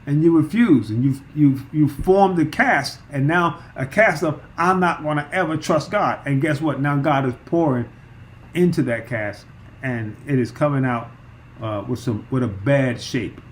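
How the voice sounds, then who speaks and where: A man's voice: medium pitch, a little slow, a little hiss or hum. A man teaching through a Bible chapter verse by verse, emphatic, with frequent repeats and fillers.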